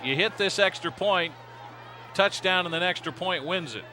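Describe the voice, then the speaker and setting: A play-by-play announcer calls a high school football game in a brisk manner, rising to shouts on big plays. The broadcast comes from a noisy outdoor stadium with crowd sound.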